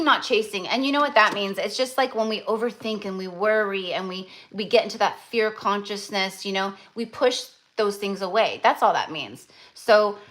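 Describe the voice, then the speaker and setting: A woman's voice: medium pitch, a bit bright. A young woman giving a live-stream tarot reading, talking in a gushing, effusive way with many fillers and restarts. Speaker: tarot reader.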